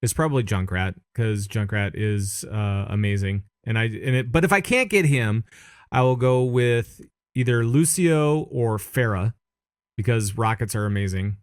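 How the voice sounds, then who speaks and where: A man co-hosting a casual gaming podcast, eagerly retelling game moments in quick bursts. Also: lowish voice, no room sound, clean studio sound. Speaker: podcast co-host.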